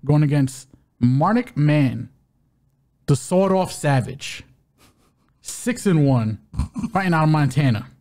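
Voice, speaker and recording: A man's voice: fairly high pitch, expressive, slow, pauses often, darkish tone. A man co-hosting a podcast, previewing fights in a loose, joking way and stumbling over names. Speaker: co-host of a fight-betting podcast.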